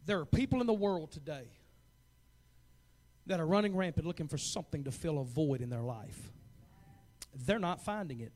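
A man in his forties preaching a fervent sermon as pastor, swinging from hushed asides to loud, urgent calls. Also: a little high, lively intonation, normal speed, pauses often. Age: 40s.

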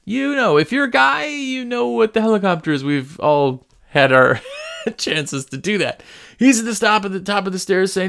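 A man tells business stories in a casual, animated ramble full of fillers and restarts. His voice is smooth and clear and sits a little high for a man. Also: normal speed. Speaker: small business owner. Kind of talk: casual storytelling.

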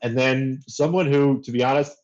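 A man giving a steady, analytical run-through of tennis betting picks in a casual chat. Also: mid-range voice, moderate pace, lo-fi sound.

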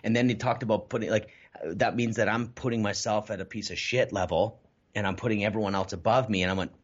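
A man telling his personal story in a candid interview, animated and lively. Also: on the low side, fast talker, slightly rough, lo-fi sound. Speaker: podcast guest.

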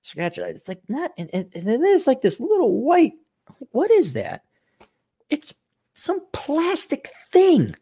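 A man's voice: very high voice, wildly swooping pitch, measured pace, gravelly, dark tone, husky. Profane rambling male talk host. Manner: profane, sarcastic rambling with mock voices. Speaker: show host. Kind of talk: rambling monologue.

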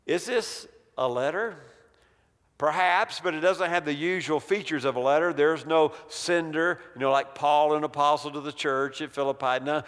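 A man teaching an evening Bible study in a conversational way, slowing down to stress key words. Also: a little high, fairly bright tone, clear, resonant tone, in a large hall.

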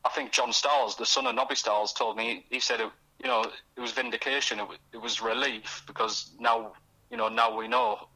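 A young man, a guest author talking in a casual radio interview, halting and restarting as he acts out voices in his stories. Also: mid-range voice, lively intonation, gravelly, sharp tone, slightly rough, poor audio. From North East England. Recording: radio studio.

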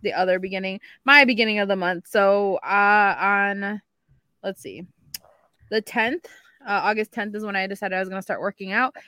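A woman co-hosting a casual podcast, telling an animated story full of "like" and the odd swear word. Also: mid-range voice, moderate pace, clear, resonant tone, no echo. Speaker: podcast co-host. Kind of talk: casual chat.

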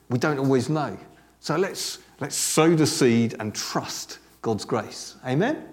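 A man preaching a sermon in a conversational, animated way, dropping joking asides to a congregation that answers back. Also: mid-range voice, slow. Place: church service with congregation responding.

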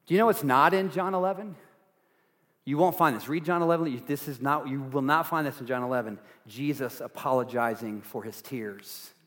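A man preaching a sermon as pastor, earnest, going from loud emphasis to hushed softness. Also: medium pitch, fairly quick, in a large hall. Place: church sanctuary.

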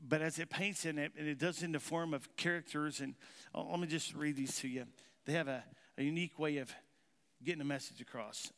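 A male pastor with a drawl preaches in a folksy storytelling manner and keeps quizzing the congregation. His voice sits a little high for a man, and the sound trails off into a long, ringing church reverb. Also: steady tone, brisk, fairly bright tone. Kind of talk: sermon. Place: church sanctuary.

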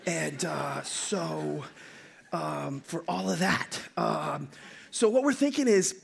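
A jittery male disciple, put on by a preacher in a sermon skit, hems and haws through each apology. He flatters and stammers in a high, bright voice that leaps up and down. The delivery is lively and fumbling. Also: moderate pace, heavily acted. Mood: sheepish.

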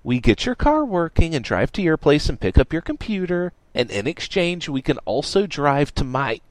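A man's voice: on the high side, sing-song, normal speed, dry recording, voice pushed up. A man doing a pushy, exasperated young schemer.

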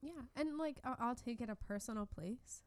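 A woman's voice: a little high, moderate pace, no echo, studio quality. A woman co-hosting a podcast, chatting casually with teasing remarks and supportive agreement. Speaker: podcast co-host.

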